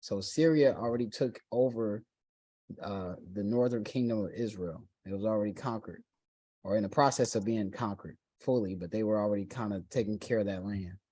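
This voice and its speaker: A man's voice: lowish voice, normal speed, dark tone, dry recording. A man teaching a Bible study, reading scripture aloud and then retelling it in casual everyday slang.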